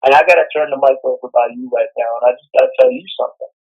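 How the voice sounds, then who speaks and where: A man's voice: mid-range voice, racing, creaky, husky, dull audio. A man, a guest musician, chatting in an interview in a rambling way, with many fillers and repeated words. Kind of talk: casual interview chat.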